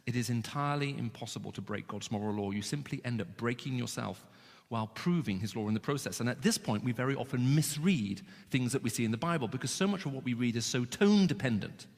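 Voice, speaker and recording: A man's voice: medium pitch, gravelly. A man delivers a sermon in a large hall, his mid-range voice trailing off into long reverb. He speaks earnestly and asks his listeners one rhetorical question after another. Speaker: preacher.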